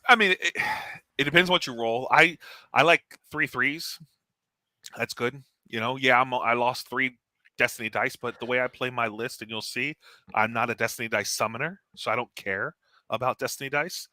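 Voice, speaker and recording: Bright-voiced man, blunt casual gamer talk. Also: medium pitch, normal speed, no echo. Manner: animated, laughs often, confident and blunt. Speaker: guest tournament player. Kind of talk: casual gaming strategy chat.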